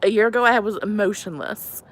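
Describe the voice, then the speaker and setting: A woman's voice: medium pitch, a little fast. Earnest woman in her thirties, live on YouTube. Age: 30s. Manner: earnest and rambling, lots of "like" and "you know". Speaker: YouTube host talking to live viewers. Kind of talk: heartfelt live-stream talk on faith, reading chat. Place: on a porch at home.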